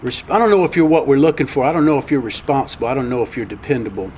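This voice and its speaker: A man voicing a doubtful male job interviewer in a retold comedy bit, hesitant and quick. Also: medium pitch, darkish tone, slight background noise, lightly acted.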